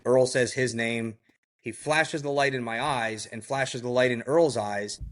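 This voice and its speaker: Man telling a story in a lively way. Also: medium pitch, a little slow. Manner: lively storytelling, acting out what others said; heavy use of "like" and "you know". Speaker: podcast guest. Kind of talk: recounting a survival story in a podcast interview.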